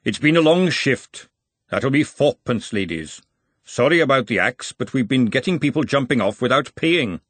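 Man playing a male dwarf guard, short, bearded, apologetic, weary, husky. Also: mid-range voice, expressive, normal speed, no echo, close to an everyday voice.

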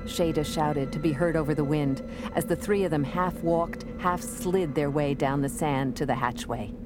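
A woman narrating an adventure audiobook in a steady, measured reading. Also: low voice, music in the background. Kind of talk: scripted narration. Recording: noisy recording.

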